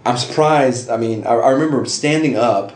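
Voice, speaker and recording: A middle-aged man casually telling stories as an interview guest, with animated jumps into high voices for quoted reactions. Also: normal speed. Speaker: interview guest, costume hobbyist. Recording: roomy with faint ambient noise.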